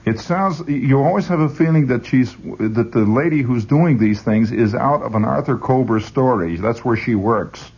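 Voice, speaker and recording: A man's voice: medium pitch, normal speed, few pauses, darkish tone, slightly rough. A man hosting a rambling radio monologue, full of stammered restarts and chuckling asides. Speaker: radio host. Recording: dull lo-fi radio recording.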